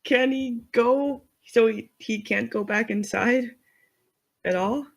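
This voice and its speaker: Unhurried tabletop game player. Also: medium pitch, creaky. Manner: unhurried, questioning, laughing easily. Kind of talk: casual tabletop game chat.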